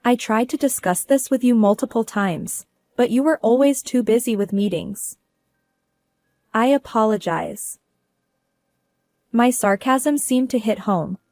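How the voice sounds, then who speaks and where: A woman's voice: fairly high pitch, moderate pace, dark tone, no echo. A woman narrating a first-person drama story in a cool, businesslike manner.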